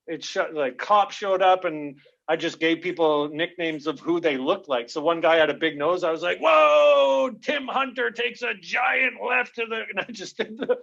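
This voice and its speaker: A man, a guest comedian, telling stories in a lively podcast interview and laughing often. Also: fairly high pitch. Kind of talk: animated storytelling in a podcast interview. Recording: dull lo-fi sound.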